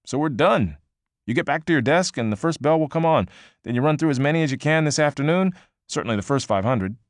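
A man voicing an upbeat office trainer who explains things quickly and chattily in a slightly raised voice. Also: on the high side, animated, no room sound, clean studio sound, voice pushed up, close to an everyday voice. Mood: breezy, encouraging. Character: upbeat male office trainer, brisk and eager.

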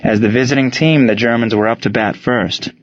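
A man reading a story aloud as narrator, in steady storytelling narration. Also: medium pitch, brisk, no room sound, muffled recording. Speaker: audiobook narrator. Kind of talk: scripted narration.

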